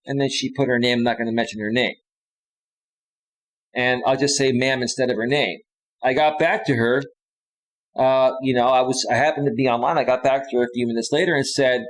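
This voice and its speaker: A dating and life coach delivers a chatty livestream monologue, regularly checking in with listeners, restarting often and repeating phrases. His medium-pitched voice moves briskly over poor audio.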